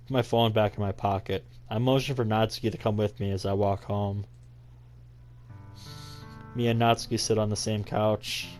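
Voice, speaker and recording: A man's voice: fairly low pitch, steady tone, normal speed, long pauses, a little mellow. A young man reading a visual novel aloud as a let's play host, with dry, sarcastic asides. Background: faint game music.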